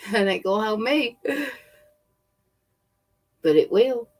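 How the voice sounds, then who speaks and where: A woman telling a personal story in a slow, halting way with many fillers. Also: mid-range voice, lively intonation, darkish tone. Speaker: spiritual channel host. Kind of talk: casual storytelling.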